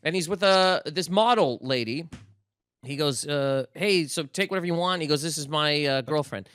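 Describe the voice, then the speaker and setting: Animated storytelling man, smooth voice. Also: a little high, normal speed, no room sound. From Canada, Nova Scotia. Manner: animated storyteller, acts out quotes, swears. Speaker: guest comedian. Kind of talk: casual podcast storytelling.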